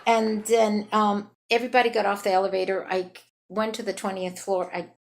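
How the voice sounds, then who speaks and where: A woman's voice: mid-range voice, fairly even intonation, brisk, low-quality recording. A woman improvising a comedic monologue, talking in a hyper, chatty way and laughing through her story.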